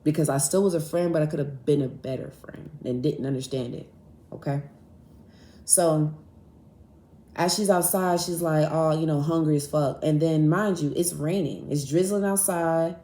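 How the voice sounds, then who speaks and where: A woman's voice: low voice, moderate pace. A young woman tells a story on her podcast, loose and profane, acting out each side of a quarrel. The sound is roomy and echoey. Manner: animated, profane, acts out both sides of arguments. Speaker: podcast host. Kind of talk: casual storytelling monologue. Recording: echoey room.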